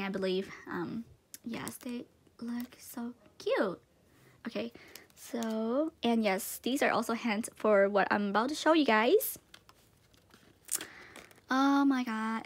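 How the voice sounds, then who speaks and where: A woman vlogger gushing through an unboxing, full of breathless exclamations and dipping into soft whispers. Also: fairly high pitch. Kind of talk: excited unboxing chat.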